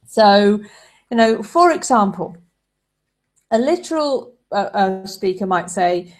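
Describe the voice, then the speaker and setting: A woman's voice: medium pitch, animated, slow. A woman giving a relationship advice talk, explaining ideas through everyday examples.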